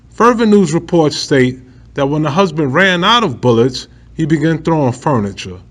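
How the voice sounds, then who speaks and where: Man, news commentary host, fairly high voice, animated, frequent laughter. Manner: animated, laughs often, slangy asides.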